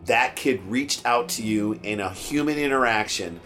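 A middle-aged man, a podcast guest, telling a personal story in casual chat, animated and swearing freely, acting out what people said. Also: medium pitch, normal speed, faint music behind.

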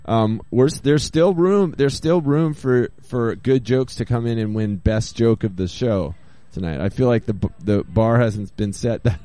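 A man's voice: mid-range voice, measured pace, few pauses, mellow, no echo. A man hosting a radio talk show, reading listener texts and jokes aloud with lots of "uh-huh" and "um.". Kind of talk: casual radio chat.

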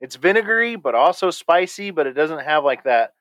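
A man hosting a podcast in casual chat, animated and rambling, often laughing. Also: fairly high pitch, a little fast, no room sound. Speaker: podcast host.

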